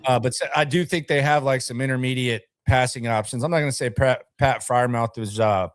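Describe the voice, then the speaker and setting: A man's voice: medium pitch, brisk, no room sound, studio quality. A man co-hosting a casual sports talk show, chatting about football and reading viewer comments aloud.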